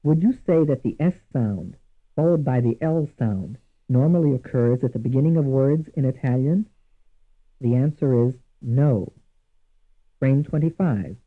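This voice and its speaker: Tinny old language-course narrator, man. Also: mid-range voice. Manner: measured, deliberate, repeats each example word. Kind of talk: scripted instructional narration. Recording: tinny lo-fi archival course audio.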